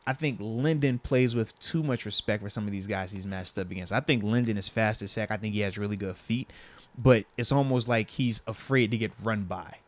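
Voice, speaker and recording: A man hosting a casual sports podcast, relaxed and slangy, talking into a lapel mic. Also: on the low side, brisk. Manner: laid-back, slangy, says "bro" and "man". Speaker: podcast host.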